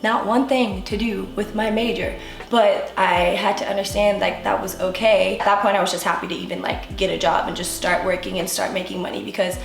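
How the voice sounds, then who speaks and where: A woman's voice: medium pitch, steady tone, brisk, creaky. A woman in her twenties, a vlogger telling her own story to camera in candid, casual talk full of "like". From United States. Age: 20s. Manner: candid, filler-heavy talk with frequent "like". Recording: echoey room with faint music.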